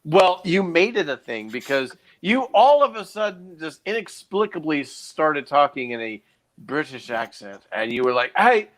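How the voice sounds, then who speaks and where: A man's voice: fairly high pitch, moderate pace. A man teasing a friend in casual chat on a live stream panel, laughing often. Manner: teasing, laughs a lot, lively.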